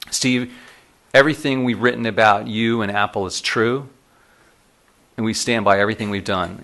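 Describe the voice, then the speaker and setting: A middle-aged man telling animated anecdotes to a live audience, often chuckling as he goes, then taking questions. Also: medium pitch. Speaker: speaker telling stories to an audience. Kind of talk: storytelling talk to a live audience. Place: lecture room with audience.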